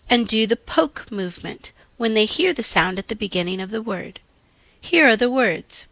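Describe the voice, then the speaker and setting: A woman reading out scripted teaching instructions in a slow, deliberate, carefully enunciated way. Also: fairly high pitch, pushed and bright, dry recording.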